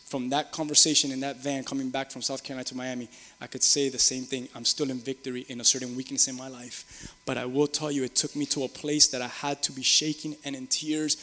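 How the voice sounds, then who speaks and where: A man's voice: medium pitch, pushed and bright, long reverb tail. A middle-aged man preaching a sermon, earnest and repetitive, rising to emphatic peaks. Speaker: pastor.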